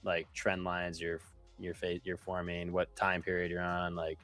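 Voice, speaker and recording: Laid-back low-voiced young trader guy. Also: monotone, measured pace, a bit bright, soft background music. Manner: swearing, joking, trader slang. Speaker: trading stream co-host. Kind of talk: casual live trading chat.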